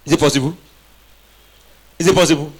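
Pastor guy preaching, call and response, gets loud and emphatic, a bit high voice. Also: fairly even intonation, a little fast, breathy edge. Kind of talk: sermon.

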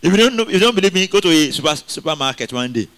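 A man preaching a sermon in an animated way, asking the congregation questions and laughing often. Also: fairly high pitch, rapid-fire.

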